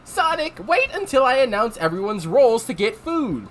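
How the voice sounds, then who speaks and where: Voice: mid-range voice, very animated, normal speed, fairly bright tone, pitched above the performer's own voice. A streamer voicing a polite, formal old male train conductor on the last day of his career. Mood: courteous.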